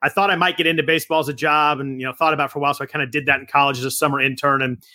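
Fast, bright-voiced chatty male guest. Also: a little high, steady tone, no echo, clean studio sound. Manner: rapid, chatty, loose storytelling. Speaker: podcast guest. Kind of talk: casual podcast chat.

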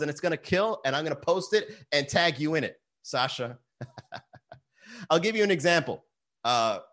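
A man hosting his own daily livestream as a comedian, swearing often and reading viewer comments aloud. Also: fairly high pitch. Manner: animated, swears often, reads chat aloud. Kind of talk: profane casual livestream chat.

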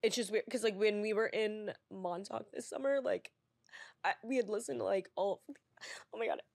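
A woman's voice: medium pitch, moderate pace, creaky, a little mellow, no room sound, studio quality. Tearful young woman rambling on a podcast. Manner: rambling, full of "like" and restarts. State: tearful, on the edge of crying. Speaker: podcast co-host. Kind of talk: casual podcast chat. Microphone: podcast studio mic.

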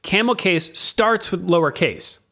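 A man with a higher voice and a bright, sharp tone co-hosts a casual podcast. He reels off race times and series in a dry, listy way. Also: animated, unhurried. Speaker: podcast co-host. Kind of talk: casual chat, reading race schedule.

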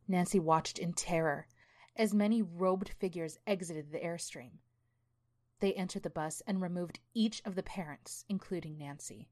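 A woman narrating a scripted horror story for a storytelling podcast in a steady manner. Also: on the low side, normal speed.

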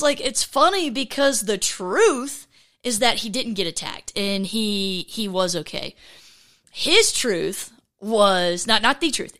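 A woman hosting a casual faith podcast, talking in a chatty, animated way with lots of fillers and restarts. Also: on the high side. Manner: acts out quoted voices. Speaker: podcast host.

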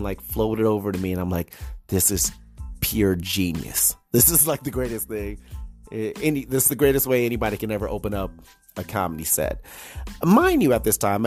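A young adult man hosting a podcast, telling a story casually, laughing often and restarting his sentences. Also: lowish voice. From United States. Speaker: podcast host.

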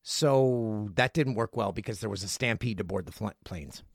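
Speaking at a moderate pace in a lowish voice, a middle-aged Canadian podcaster reads listener messages from his home studio. He keeps it playful and jokey, with a lively delivery.

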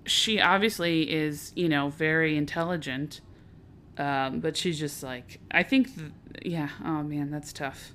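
Lower-voiced woman musing out loud. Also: steady tone, slight background noise. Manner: musing, halting, lots of fillers. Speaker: podcast co-host. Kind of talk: casual podcast chat.

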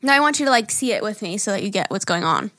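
A woman co-hosting a casual podcast chat, animated and giggly, swearing freely. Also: medium pitch, fast talker, dry recording. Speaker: podcast co-host.

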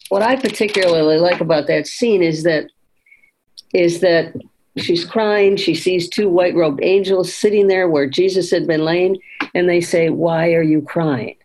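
A woman co-hosting a podcast walks through a scripture scene in an easy conversational tone. She quotes the lines as she goes, with an even, reflective manner. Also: on the low side, low-quality recording. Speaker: podcast co-host. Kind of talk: conversational faith podcast discussion.

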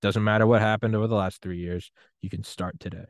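A man from the United States hosting a podcast interview, talking in a casual, animated way that swings into loud outbursts. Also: fairly low pitch, fast talker, no room sound. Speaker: podcast host.

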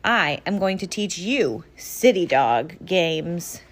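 A woman's voice: lowish voice, big pitch swings, slow, exaggerated voice. A woman voicing a friendly, eager male city dog in a storybook read-aloud, with a bouncy manner. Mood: confident.

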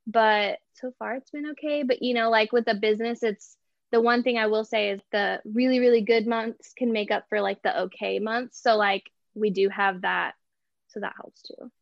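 A woman's voice: a little high, steady tone, moderate pace, creaky, no echo, highs cut off. A young woman, an artist and small business owner, chatting casually as an interview guest, laughing often and filling with "like" and "you know".

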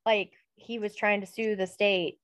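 A woman's voice: medium pitch, fairly even intonation, unhurried, fairly bright tone, no echo, clean studio sound. A young adult woman co-hosting a casual podcast, chatty and full of "like" and "um". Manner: chatty, filler-heavy with frequent "like". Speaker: podcast co-host. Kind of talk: casual chat.

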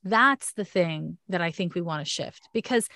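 A woman's voice: fairly low pitch, animated, moderate pace, sharp tone, dry recording, studio quality. Chatty Canadian woman, frank astrologer. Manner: chatty, frank, laughs often. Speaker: astrologer giving a reading. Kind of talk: casual one-on-one reading.

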